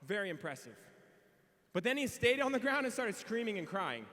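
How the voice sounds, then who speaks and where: A young man telling a funny, self-mocking story in a farewell speech as a student officer, in an animated, quick comic way. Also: sits high. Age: young adult. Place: large convention hall. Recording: reverberant hall sound.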